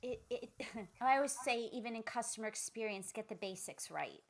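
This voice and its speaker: A woman's voice: a little high, expressive, normal speed. A woman hosting an interview podcast, affirming and summing up her guest's points in conversation. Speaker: podcast host.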